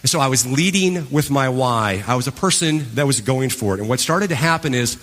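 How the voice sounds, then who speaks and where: A man giving a live stage talk to an audience, telling his story with animated energy and acting out his past reactions. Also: mid-range voice, brisk. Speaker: motivational speaker. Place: large event hall. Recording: long hall reverb.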